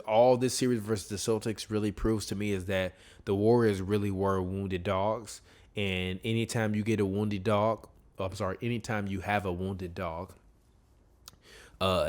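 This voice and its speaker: A man with a lowish voice talks through sports in a loose, animated way. He trails off and corrects himself as he goes. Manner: animated, rambling, frequent self-corrections. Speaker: podcast co-host. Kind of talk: casual sports talk.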